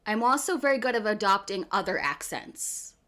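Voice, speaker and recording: A chatty woman with a Philadelphia-area accent talks casually with her stream viewers. Her voice is animated and her pitch sits in the middle of the range. She laughs often and keeps tossing in "okay.". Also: normal speed. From US East Coast, outside Philadelphia.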